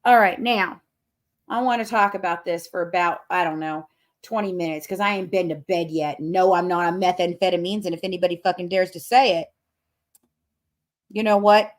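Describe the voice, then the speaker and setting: Blunt, sleepless woman livestreamer, lower voice, profane and fiery. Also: fairly even intonation, moderate pace. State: has not slept. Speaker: livestream host. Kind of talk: casual livestream rant.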